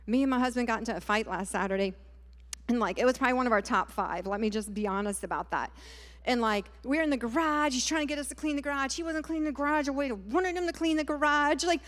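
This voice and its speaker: A woman, giving a personal testimony sermon at a conference in a lively storytelling way. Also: high voice, fast talker. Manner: lively storytelling, many "like" and "y'all". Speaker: conference speaker. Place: large church hall. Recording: hall with long reverb.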